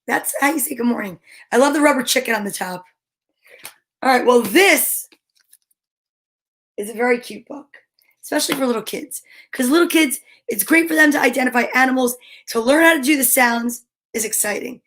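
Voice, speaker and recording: Reading picture books aloud for little kids, a woman with a slightly high, somewhat bright voice chats casually and remarks cheerfully between pages. Rhyming passages bring a slower, sing-song lilt.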